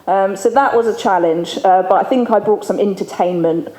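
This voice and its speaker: A woman gives a candid, chatty recovery testimony to an audience in an event hall, laughing often as she shares her story. Her medium-pitched voice has a dark tone and a moderate pace. The hall sounds echoey, with faint room ambience.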